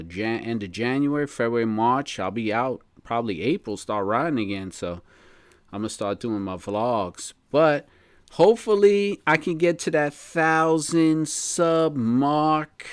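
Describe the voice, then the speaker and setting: A man's voice: medium pitch, clear, resonant tone, dry recording. A man hosting a casual live podcast chat, laid-back and slangy, laughing often. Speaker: podcast host.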